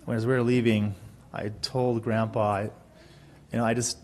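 A man speaking at his grandfather's funeral, talking haltingly and softly and repeating words as he gathers himself. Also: mid-range voice, flat delivery, a little hiss or hum. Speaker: grandson giving a eulogy. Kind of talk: funeral eulogy. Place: funeral home chapel.

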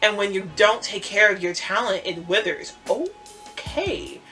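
A woman reading out the lines of a pompous male coach lecturing young players, in a flat read-aloud tone. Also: medium pitch, unhurried, faint music behind.

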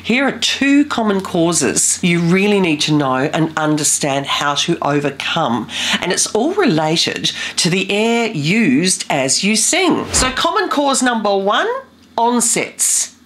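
A woman with a low, deep speaking voice teaches as a vocal coach. She explains things in a clear, methodical way, like a scripted lesson. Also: sing-song, slow pace, fairly bright tone.

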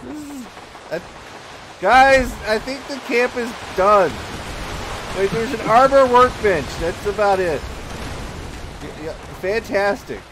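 A man chatting casually with friends while playing a game, excitable, stammering and making sound effects. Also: sits high, slow pace, long pauses, noisy background. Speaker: gaming youtuber. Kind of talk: casual gaming chat with friends.

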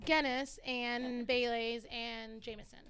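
A woman's voice: fairly high pitch, level tone, slow, a bit bright, a little hiss or hum. A woman guest in a casual podcast chat, playful and emphatic and a bit rambling.

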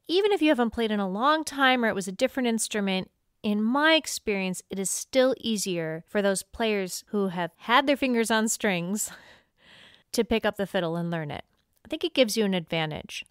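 A woman's voice: mid-range voice, lively intonation, moderate pace, fairly bright tone, clean tone, dry recording, studio quality. A woman teaching fiddle on a podcast in a friendly way, laughing often and singing bowing rhythms aloud. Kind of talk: instructional podcast talk.

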